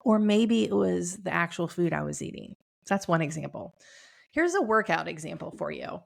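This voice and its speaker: A woman's voice: on the low side, expressive, normal speed, gravelly. A middle-aged woman hosting her podcast in casual, chatty talk, upbeat and laughing often, speaking from a room at home. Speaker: podcast host.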